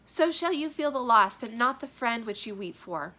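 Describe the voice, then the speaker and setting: A woman's voice: fairly high pitch, expressive, moderate pace, bright, forceful tone, pitched above the performer's own voice. A woman reading the part of Lady Capulet, a stern and vengeful noble mother, with scolding, commanding verse delivery. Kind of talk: dramatic reading of a play.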